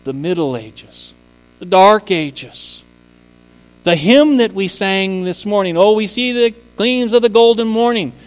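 High-voiced unhurried male preacher. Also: clean tone, big-room sound, faint music behind, rough recording. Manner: emphatic, rising to impassioned peaks on key words. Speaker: preacher and teacher. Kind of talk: sermon.

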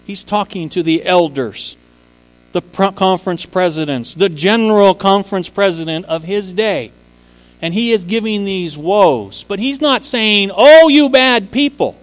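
High-voiced unhurried male preacher. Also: long reverb tail, poor audio. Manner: emphatic, rising to impassioned peaks on key words. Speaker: preacher and teacher. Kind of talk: sermon.

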